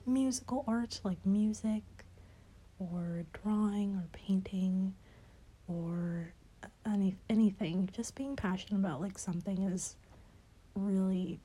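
A young woman answering questions in a casual chat, hesitant and rambling with many fillers and soft laughs, her voice a bit stuffy as if she has a cold. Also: mid-range voice, slow, slightly rough. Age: young adult.

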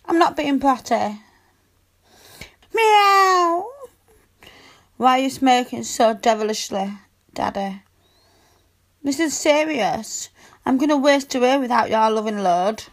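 A woman doing a high-pitched, whiny cat girl. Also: lively intonation, slow, pauses often, heavily acted. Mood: defensive. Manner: whiny and pleading, sprinkled with meows. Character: needy, pouty young adult cat girl. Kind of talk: adult audio role-play.

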